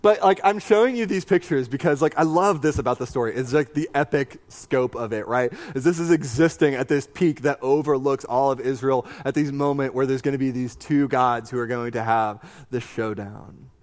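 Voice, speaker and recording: A man preaching a sermon, reading scripture and adding animated, conversational asides with a joking streak. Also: mid-range voice, normal speed, hardly any pauses. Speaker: pastor.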